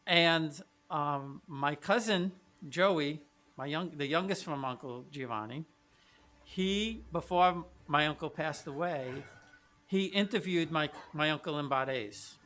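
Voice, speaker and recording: A man chatting casually as an interviewer, talking in a relaxed, hesitant way. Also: a little high, slow.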